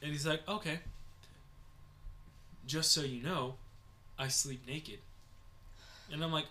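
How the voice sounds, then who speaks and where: A young man casually telling a story to friends, animated and swearing freely, dropping into lower voices to mimic the people in it. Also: takes it slowly, pauses often.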